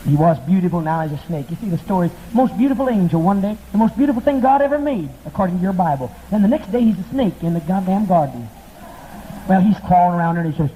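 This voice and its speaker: Mocking preacher on tinny old tape. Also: male voice, sits high, lively intonation, fast talker. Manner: mocking, profane, impassioned. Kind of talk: fiery sermon. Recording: tinny lo-fi archival tape with faint hiss.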